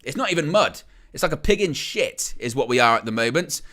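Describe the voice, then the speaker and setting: A man hosting a live fan stream, ranting with animated disbelief and firing off rhetorical questions. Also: mid-range voice, a little fast. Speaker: host of a fan channel. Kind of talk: live-stream opinion commentary.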